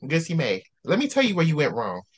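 A man with a somewhat high-pitched voice hosts a casual book discussion. He rants with real heat, circling back to the same phrases again and again to drive his point home. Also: huge pitch swings, fast talker, breathy edge. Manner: heated ranting, repeats himself for emphasis. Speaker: host.

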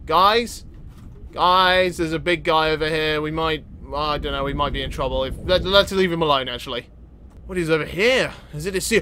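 A young man giving excitable gameplay commentary, often yelling and laughing. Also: on the high side, normal speed, a little hiss or hum. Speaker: gaming video host.

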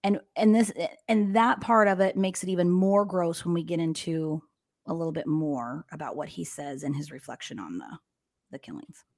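A woman's voice: on the low side, normal speed, darkish tone. A woman co-hosting a true crime podcast, blunt and sarcastic, swearing freely. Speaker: podcast co-host. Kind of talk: casual true crime chat.

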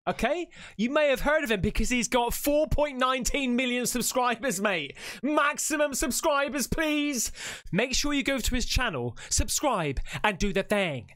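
Male reaction host; chatty and excitable, pitch bouncing all over. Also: normal speed, few pauses, no room sound, clean studio sound. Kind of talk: casual chat.

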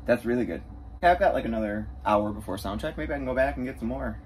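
A man on tour as a bassist, chatting straight to the camera in a casual travel vlog and poking fun at himself. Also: fast, a little hiss or hum. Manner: chatty, self-mocking, talks straight to camera. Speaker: touring bassist.

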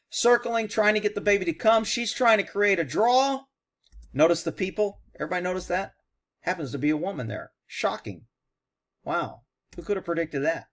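A man, a horse trainer, giving blunt, sarcastic reaction commentary over a video. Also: high-pitched.

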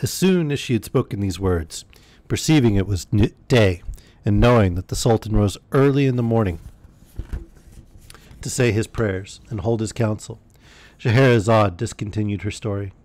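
A man reading a bedtime story aloud in a calm, measured way. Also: fairly low pitch, dry recording. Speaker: storyteller streamer.

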